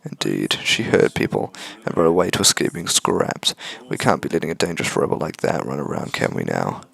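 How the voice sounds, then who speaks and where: A man voicing a scheming male villain with a croaky, hushed voice and mock-polite threats. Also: extremely low pitch, very animated, fairly quick, pitched below the performer's own voice, heavily acted. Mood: menacing.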